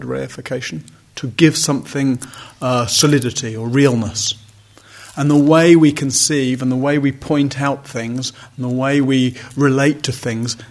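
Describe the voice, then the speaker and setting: Husky-voiced man giving a dharma talk. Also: medium pitch. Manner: reflective, conversational, wry asides. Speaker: meditation teacher. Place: retreat center hall.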